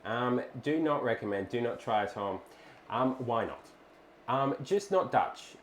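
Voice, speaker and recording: A man's voice: medium pitch, expressive, measured pace. A man co-hosting a live cooking stream, chatting loosely with viewers, laughing often and reading their messages aloud. He sounds a bit distant in a roomy, echoey small kitchen, with a faint hum of ambience behind him. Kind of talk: casual live-stream chat.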